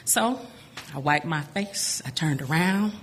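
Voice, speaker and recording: A middle-aged woman telling a personal story to an audience, animated and laughing often between lines. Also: deep voice, slow, very noisy.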